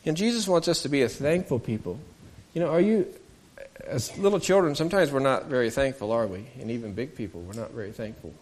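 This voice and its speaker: A man's voice: medium pitch, expressive, brisk, darkish tone. A man telling a Bible story to children, asking them questions and acting out the voices in the story.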